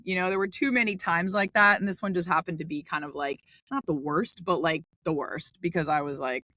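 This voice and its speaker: A woman, a podcast guest telling her story in a lively, casual way and acting out quotes with big jumps in pitch. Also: brisk, few pauses, no echo.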